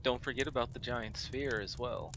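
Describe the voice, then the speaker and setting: A man's voice: mid-range voice, fairly even intonation, moderate pace, background noise. A man tabletop player speaking in character with dry, understated humor. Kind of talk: in-character role-play.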